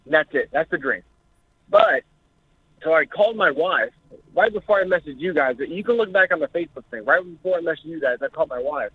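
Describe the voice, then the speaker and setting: A man's voice: on the high side, expressive, a little fast, slight background noise. A young man calling in to a talk show, telling his story in an emotional, jittery way and swearing often. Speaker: caller. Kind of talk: recounting an experience on a call-in show. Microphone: phone. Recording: tinny phone line.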